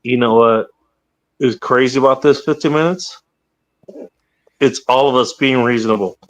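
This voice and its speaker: A man's voice: mid-range voice, normal speed. A man hosting a casual livestream chat, rambling and swearing freely, with hiccups. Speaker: podcast host.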